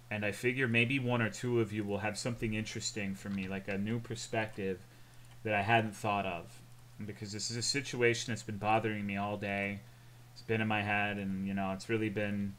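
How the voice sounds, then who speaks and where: A man's voice: lowish voice, fairly bright tone, slight background noise. A man streaming, chatting casually in a rambling, jokey way and reading chat aloud.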